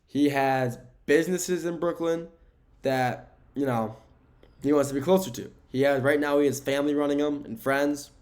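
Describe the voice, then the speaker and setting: A man's voice: fairly high pitch, fairly even intonation, moderate pace, darkish tone. A man hosting a solo sports podcast, talking casually in a rambling way with fillers and self-corrections, indoors in a room. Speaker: podcast host. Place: indoor room with window blinds.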